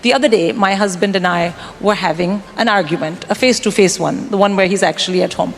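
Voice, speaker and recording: A woman in her forties performing a stand-up comedy set, delivering wry, deadpan punchlines to a crowd. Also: medium pitch, quick pace. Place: comedy club stage. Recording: live room with long reverb and background noise.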